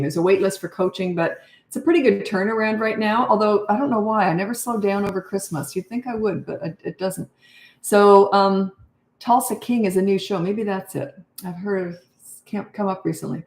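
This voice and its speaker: A woman's voice: medium pitch, a little fast, a little mellow, roomy sound. An older woman, a parenting coach, chatting casually on a livestream and greeting viewers by name as she reads their comments. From Canada.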